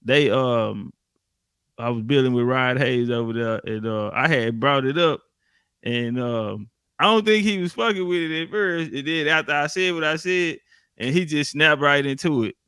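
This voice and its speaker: Smooth-voiced slangy man. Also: mid-range voice, moderate pace, no room sound, clean studio sound. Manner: relaxed, slangy, laughs often. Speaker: guest. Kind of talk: casual conversation.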